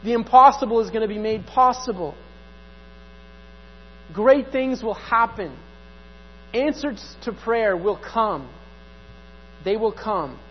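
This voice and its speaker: A man's voice: high voice, expressive, takes it slowly, pauses often, slight background noise. Male pastor, sermon delivery, conversational with repeated emphatic lines; long hall reverb, dull recording.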